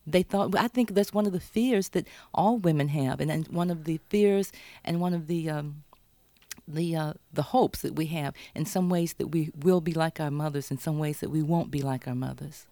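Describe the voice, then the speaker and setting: A woman's voice: sits low, normal speed, mellow, dry recording. A woman, an author being interviewed, who tells her story with animation and acts out her characters' lines. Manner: thoughtful, with many restarts. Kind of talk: interview talk about her novel.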